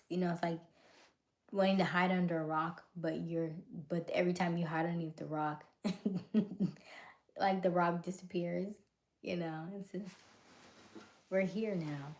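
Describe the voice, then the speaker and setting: Softly whispering livestream host woman. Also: on the low side, steady tone, slow pace, long pauses. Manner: often drops to a whisper, laughs, greets viewers. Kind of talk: casual live chat reading comments.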